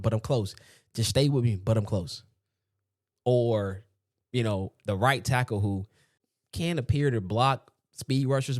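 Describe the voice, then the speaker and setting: A man hosting a sports podcast, giving opinionated solo commentary in an animated, rhetorical way, often laughing at his own points. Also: medium pitch, dry recording, studio quality.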